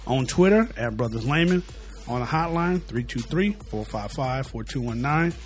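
Laid-back sports podcast host with a lisp. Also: male voice, medium pitch, animated, normal speed, soft background music. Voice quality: slight lisp. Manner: laid-back, loose slang. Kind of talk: casual sports talk.

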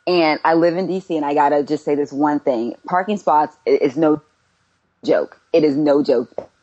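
A woman's voice: low-pitched, moderate pace, warm tone, lo-fi sound. A woman co-hosting a casual sports chat, opinionated and emphatic, firing off rhetorical questions. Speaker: podcast co-host.

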